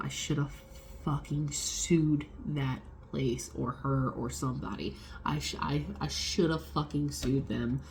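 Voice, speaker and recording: A young woman vlogger telling a personal story in a casual, animated way, swearing freely and acting out the people she quotes. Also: low voice, creaky, slight background noise.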